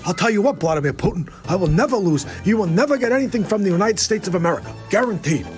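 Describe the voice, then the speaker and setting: A brash, bragging president who hammers every claim home, as a man puts him on. He talks fast and swings widely up and down, with faint music playing behind him. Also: high voice, animated, pitched above the performer's own voice. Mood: defiant. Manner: bragging, emphatic. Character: brash boastful male president, tough talker.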